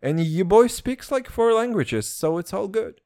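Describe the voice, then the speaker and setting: Young male podcaster, non-native English with an American lean, swearing and jumping between loud bursts and mutters, dry close mic. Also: sits high, expressive, measured pace, no room sound. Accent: mixed Eastern European and American. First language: Serbian or Turkish. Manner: profane, rambling, self-mocking, swings between shouts and mutters. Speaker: podcast host. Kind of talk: casual solo podcast rant.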